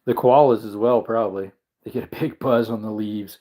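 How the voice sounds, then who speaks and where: A man's voice: fairly low pitch, fairly even intonation, moderate pace, warm tone. A tired, yawning man hosting a casual livestream, rambling and chuckling as he reads out chat comments. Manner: rambling, chuckling, musing aloud. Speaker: livestream host.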